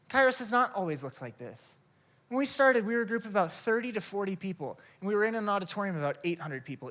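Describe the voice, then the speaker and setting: A man preaching a sermon, telling stories and asking rhetorical questions. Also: sits high. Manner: animated storytelling with rhetorical questions. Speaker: pastor.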